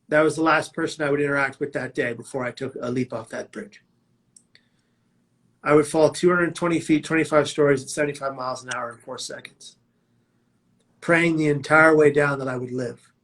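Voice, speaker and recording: With a fairly high, somewhat bright voice, a man relates his own story as a prevention speaker. It's a dramatic, vivid personal talk full of emphatic quoted lines.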